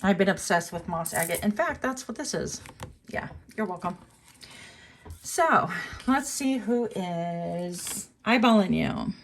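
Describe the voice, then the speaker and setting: A woman giving a casual tarot reading, chatty and musing aloud with fillers and self-corrections, now and then jumping into a high voice to quote people. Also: animated, takes it slowly, slight background noise. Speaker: tarot reader.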